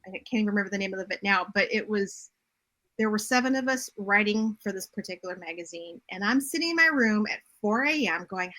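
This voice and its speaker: Bright-voiced, animated middle-aged woman. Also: mid-range voice, fairly quick. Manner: direct, animated storytelling. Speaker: podcast guest, bodymind coach and writer. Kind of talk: casual interview chat.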